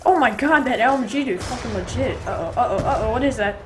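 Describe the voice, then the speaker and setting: A woman giving live gameplay commentary, excitable and swearing often, with sudden yelps when in danger. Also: on the high side, quick pace, background noise. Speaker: gaming channel host. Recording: loud game gunfire over voice. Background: game gunfire and explosions.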